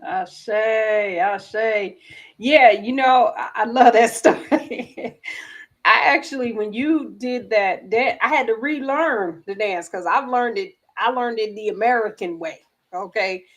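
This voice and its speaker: A woman speaking casually on a video call, chatty and quick to laugh, explaining how the group will practice together. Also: fairly high pitch, dull audio. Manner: chatty, laughs easily, many fillers. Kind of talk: casual info session talk.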